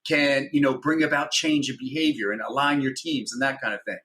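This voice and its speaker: A man's voice: mid-range voice, steady tone, fairly quick, sharp tone. A man guest on a podcast, a former hostage negotiator, explaining a method step by step and often checking in with "right?". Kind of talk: explaining, instructive podcast talk.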